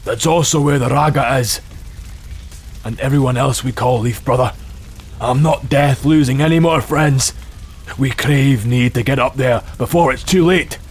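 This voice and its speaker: Man playing a headstrong guard captain, husky, mid-pitched, driven. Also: moderate pace, lightly acted. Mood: urgent. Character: bold, reckless male Matoran guard captain.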